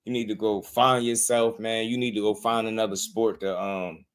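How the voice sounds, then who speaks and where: A man's voice: on the low side, moderate pace, clear, resonant tone. A man hosting a boxing channel, ranting in casual commentary, repeating himself and calling listeners bro. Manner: animated, repetitive, slangy, calls listeners bro.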